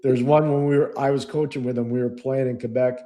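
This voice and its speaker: A middle-aged man co-hosting a podcast, telling anecdotes in a lively way and acting out the voices of the people in them. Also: mid-range voice, fairly quick. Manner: animated storyteller, acts out quoted voices, laughs often. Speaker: podcast co-host. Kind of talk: storytelling in casual chat.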